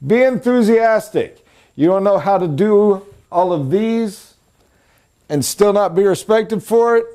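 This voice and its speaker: Middle-aged male sales coach lecturing a room, animated and emphatic, mellow-toned voice. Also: unhurried. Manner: animated, emphatic, jumps to high excited pitch for emphasis. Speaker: sales trainer. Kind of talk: live training lecture.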